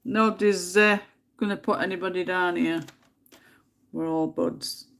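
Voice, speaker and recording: A woman's voice: on the low side, fairly even intonation, measured pace, vocal fry, fairly bright tone. English mum chatting on her colouring stream, laughs a lot, mumbles colour numbers to herself, got a bit of a cold. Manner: chatty, laughs often, mutters to herself while picking colours. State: has a cold. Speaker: livestream host. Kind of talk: casual livestream chat while colouring.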